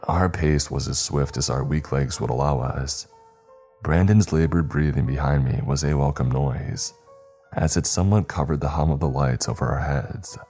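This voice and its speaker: A man with an extremely low, deep voice narrates a horror story in a measured, steady way. Faint music hums quietly beneath his reading.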